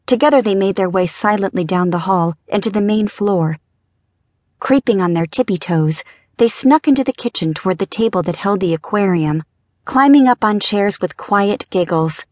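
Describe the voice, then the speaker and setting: A woman narrating a young-adult fantasy audiobook in a gentle, measured reading. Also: mid-range voice, dry recording. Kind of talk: scripted narration.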